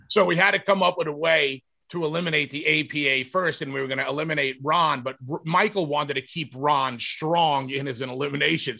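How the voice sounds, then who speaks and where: Bright, gravelly man telling stories. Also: medium pitch. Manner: animated, emphatic storyteller. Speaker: podcast co-host, former wrestler. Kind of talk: casual storytelling chat.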